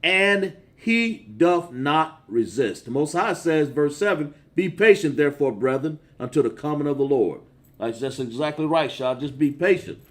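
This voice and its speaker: A man preaching a sermon over a phone livestream, reading scripture with heavy drawn-out stresses and chatting with viewers. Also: on the high side. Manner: emphatic, drawn-out stresses, chats with viewers between verses.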